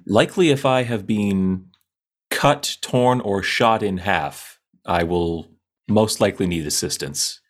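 A man's voice: lowish voice, slow. A man playing a tabletop game, speaking in a dry, matter-of-fact way. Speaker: player. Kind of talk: casual tabletop play.

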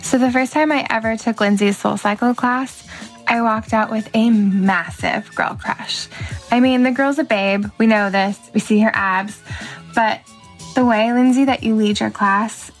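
A woman's voice: on the high side, fairly even intonation, measured pace, soft background music. A young woman giving a friend a recorded birthday tribute, gushing and effusive in her admiration.

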